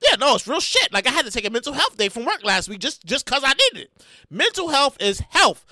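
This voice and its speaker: Talking fairly quickly into his microphone at home, a high-pitched solo podcast host rambles and breaks into shouts, his pitch swinging wildly in a very animated delivery. The tone is bright and sharp; the recording is close and dry, with no room sound.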